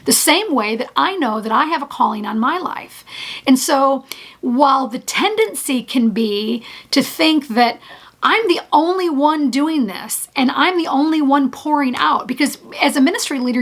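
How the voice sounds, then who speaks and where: A woman with a high voice speaks in an earnest, encouraging way in a heartfelt devotional talk. She often halts and restarts mid-phrase as she presses her point. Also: fairly bright tone. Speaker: ministry leader.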